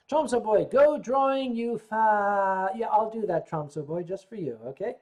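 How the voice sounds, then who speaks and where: An older man from the United States hosting a casual livestream, rambling, reading viewer comments, often clearing his throat between sips. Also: high voice, darkish tone. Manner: sipping drinks while chatting. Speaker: livestream host.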